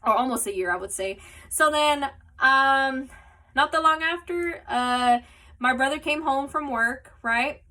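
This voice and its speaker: A woman's voice: high voice, moderate pace, pushed and bright, recorded from a distance. A woman casually telling a personal story as a podcast host, rambling with lots of "like" and "you know", recorded on a phone. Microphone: phone mic.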